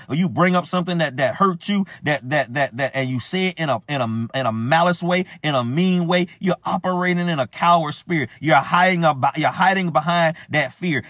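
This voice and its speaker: A man's voice: a little high, fairly bright tone, dry recording, clean studio sound. A man preaching an impassioned informal sermon as a self-styled prophet, emphatic and repetitive, calling listeners out directly in colloquial speech.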